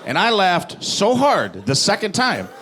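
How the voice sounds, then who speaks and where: A man doing stand-up, telling a story in a profane, animated, mock-grandiose way before a live audience. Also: high-pitched, unhurried. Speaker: stand-up comedian. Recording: live club recording, loud crowd and noise.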